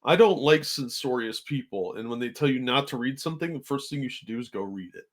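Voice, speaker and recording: Brief: male co-host, mid-range voice, steady and explanatory, opinionated. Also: medium pitch, fast. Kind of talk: casual stream chat.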